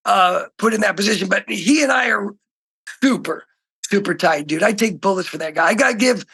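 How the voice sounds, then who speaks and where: A middle-aged man from Oregon speaks as an interview guest, his voice pitched very high, bright and husky. He tells stories excitably, jumping from loud outbursts to quiet, hushed stretches. He is heard over a phone call. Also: fairly quick. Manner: excitable storyteller, swings from shouting to hushed. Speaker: guest musician. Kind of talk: casual interview chat.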